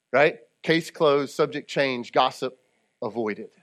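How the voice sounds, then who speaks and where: A man's voice: medium pitch, normal speed, fairly bright tone. A man who is a lead pastor, preaching a conversational sermon and often checking in with the congregation. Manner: conversational preaching with audience call-and-response asides.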